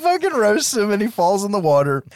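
Lively, high-voiced podcast guy, dry mic. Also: a little fast, no echo. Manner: profane, laughing, acts out movie lines. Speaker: podcast co-host. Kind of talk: casual film chat.

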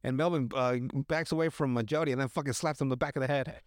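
A man's voice: medium pitch, fairly even intonation, fast, dry recording, clean studio sound. A man hosting a podcast, casually recapping a movie in a loose, rambling way, swearing and laughing often. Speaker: podcast host.

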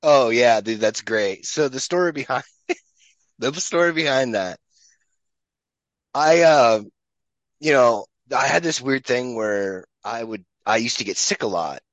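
A man guesting on a podcast, telling a story in an animated, profane, casual way. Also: medium pitch, unhurried, pauses often, dry recording. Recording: dull lo-fi sound.

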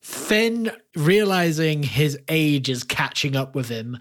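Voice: medium pitch, lively intonation, slow. A player in a tabletop game, describing actions in a laid-back manner. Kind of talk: casual tabletop play.

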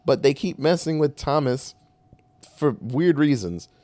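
A man's voice: on the high side, animated, unhurried, a little mellow, dry recording. A man co-hosting a casual talk show, recapping a movie in a rambling, profane way and correcting himself as he goes. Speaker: podcast co-host recapping a movie. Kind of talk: casual chat.

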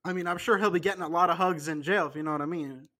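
High-pitched guy rambling and joking on a podcast, lots of restarts. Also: rapid-fire, bright, forceful tone. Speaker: podcast co-host. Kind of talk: casual chat.

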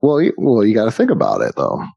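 A man's voice: lowish voice, wildly swooping pitch, fast talker, gravelly, dark tone, breathy edge, dry recording, muffled recording. A man co-hosting a casual chat about a movie, laughing often and acting out quotes. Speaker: podcast co-host.

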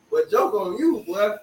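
A man with a high voice talks in a loose, drawling way, circling back over his own phrases. He sits some distance from the mic in an echoey room. A faint hum runs behind him. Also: fairly bright tone. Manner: drawling, repeats phrases, Southern US slang. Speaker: podcast host. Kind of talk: casual chat.

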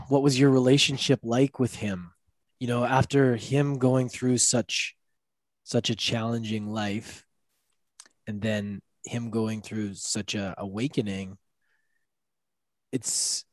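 A man hosting an interview, asking halting, searching follow-up questions. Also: mid-range voice, steady tone, darkish tone, no room sound. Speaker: host. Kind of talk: interview conversation.

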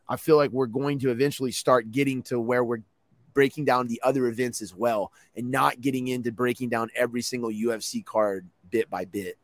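A man's voice: mid-range voice, no echo. A young man co-hosting a podcast, laid-back and rambling with a lot of "you know.". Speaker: podcast co-host. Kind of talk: casual chat.

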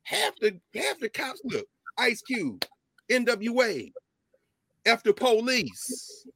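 A man giving an impassioned lecture with a preacher-like cadence, repeating phrases for emphasis and swinging from low murmurs to loud, emphatic peaks. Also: very animated, takes it slowly, creaky, husky, dry recording, clean studio sound. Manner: informal, with y'all and ain't. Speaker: lecturer speaking to a group.

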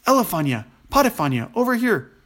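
A man voicing a small, gruff male dwarf in a storybook tale. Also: mid-range voice, expressive, moderate pace. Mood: cheerful.

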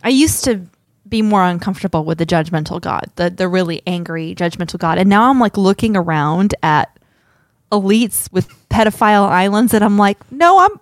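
A woman co-hosting a live show, reading scripture aloud in a steady, measured way and chatting between passages. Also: lowish voice, dry recording. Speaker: co-host.

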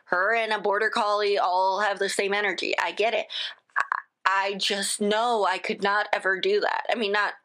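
A woman's voice: medium pitch, flat delivery, moderate pace, pushed and bright. Chatty woman hosting a solo podcast. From United States. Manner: rambling, chatty, self-interrupting with "again". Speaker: podcast host.

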